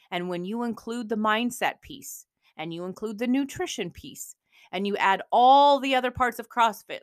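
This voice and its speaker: Woman, podcast host, motivational coach, emphatic, energetic, mid pitch, dry close sound. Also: no room sound.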